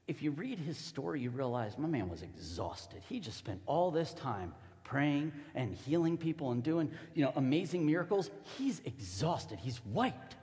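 A man's voice: on the high side, big-room sound. A man preaching a sermon as a pastor, telling the story casually and with animation.

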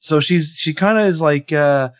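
A man co-hosting a podcast, casually recapping a TV episode with an animated, hesitant delivery full of fillers. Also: fairly high pitch, moderate pace, no room sound. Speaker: podcast co-host.

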